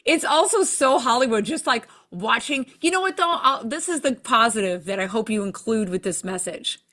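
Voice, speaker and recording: A woman guest in a casual interview, telling lively stories and acting out what people said. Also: on the high side, normal speed. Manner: animated storyteller, acts out quoted lines. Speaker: TV show judge, interview guest.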